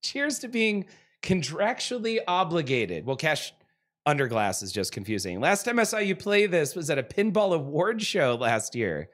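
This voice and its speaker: A man hosting a casual livestream, reading viewer comments aloud, chatty and self-deprecating and quick to laugh. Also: fairly high pitch, big pitch swings, fairly bright tone. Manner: laughs easily. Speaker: livestream host. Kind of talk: casual stream chat.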